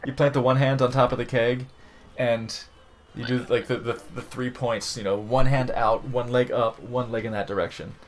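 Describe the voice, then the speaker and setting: A man's voice: medium pitch, steady tone, normal speed, a little hiss or hum. A man narrating as game master of a tabletop game, rambling with many restarts and laughs.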